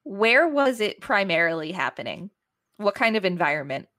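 A woman's voice: medium pitch, big pitch swings, normal speed, fairly bright tone, dry recording, clean studio sound. Matter-of-fact woman quizzing her co-host. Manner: matter-of-fact, explains and prompts with questions. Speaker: podcast host. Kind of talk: casual chat, quizzing a co-host.

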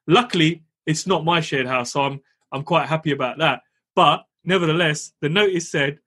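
Husky, chatty man. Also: on the high side, moderate pace. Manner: animated, chatty, slangy, frequent "you know". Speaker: property podcast co-host and landlord. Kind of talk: casual storytelling.

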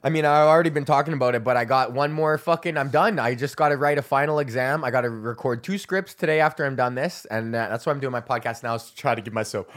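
A man's voice: medium pitch, fairly bright tone. A man, a comedian ranting alone on his podcast, swearing and rambling while he laughs at his own jokes. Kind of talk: ranting solo podcast monologue.

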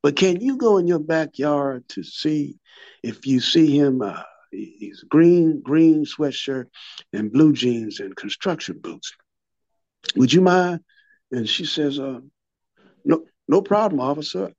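A man's voice: fairly high pitch, animated, slow, darkish tone, no echo, highs cut off. A man in his fifties or older, telling his recovery story in an interview, a vivid storyteller who repeats and restarts his words and acts out what people said.

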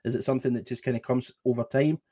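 A man's voice: medium pitch, steady tone, dark tone, no echo, studio quality. A man hosting a podcast, asking casual questions that stop and restart. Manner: halting, restarts his questions. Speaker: podcast host.

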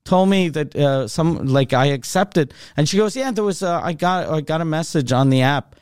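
Male comedian podcast host, 30s, a bit high, dry close sound, animated and profane, voices both sides of every exchange. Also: moderate pace, clean tone, dry recording. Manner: animated, swears constantly, acts out both sides of dialogue. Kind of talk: casual storytelling chat.

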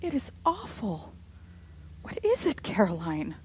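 A timid, easily scared woman, as a woman puts her on for a read-aloud story. She speaks in a high, nervous, pleading way, well above the reader's own voice. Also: wildly swooping pitch, a little slow, a little hiss or hum. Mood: horrified.

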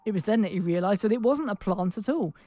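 A woman's voice: mid-range voice, lively intonation, quick pace, dark tone, no room sound, faint music behind. A woman narrating a comic fairy tale playfully and laughing at her own slips. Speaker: storyteller.

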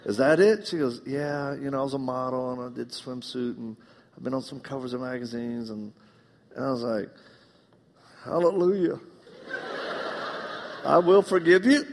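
Southern male preacher, gravelly voice, comic storyteller; long hall reverb. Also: mid-range voice, steady tone, brisk, a little mellow. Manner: humorous storytelling, acts out dialogue. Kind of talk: live sermon. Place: church.

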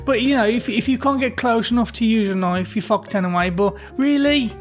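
A man's voice: very high-pitched, fairly quick, soft background music. Blunt, sweary male podcast co-host. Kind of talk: casual chat.

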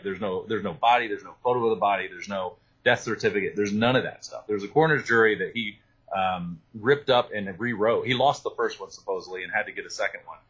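A man, an author, talking through his research in an animated interview, with many restarts and asides. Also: on the low side, husky, poor audio. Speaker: author and guest. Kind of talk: interview conversation.

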